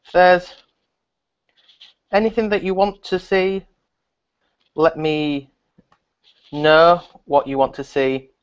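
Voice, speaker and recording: A man's voice: fairly high pitch, clean tone, lo-fi sound. Chatty man streaming live. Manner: rambling, chatty, addressing viewers. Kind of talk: casual live stream chat. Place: relative's house, indoors.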